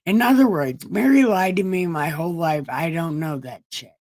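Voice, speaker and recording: A woman's voice: lowish voice, normal speed, a little mellow, dry recording. A woman reading scripture aloud with crude, joking asides, an irreverent comedic reading. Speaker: comedy Bible reader.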